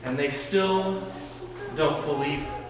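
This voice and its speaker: Slow-speaking pastor in an echoey hall. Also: male voice, fairly high pitch, crowd noise. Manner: slow storytelling retelling of a scripture story, with repeated words. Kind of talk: sermon. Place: church sanctuary. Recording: echoey church hall from a distance.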